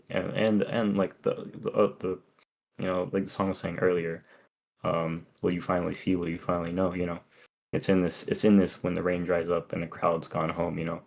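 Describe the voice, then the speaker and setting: A man co-hosting a podcast, talking through song lyrics in a halting, filler-heavy way. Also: low voice, creaky. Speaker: podcast co-host. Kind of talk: casual chat, reading lyrics and chat comments.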